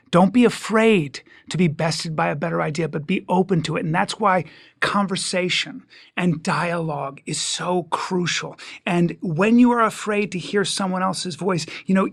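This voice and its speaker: A man in his fifties, a guest on a talk show, chatting in an animated, joking way with quick asides. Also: high voice, gravelly. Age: 50s. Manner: animated, quick asides, self-mocking humor. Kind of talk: casual talk show conversation.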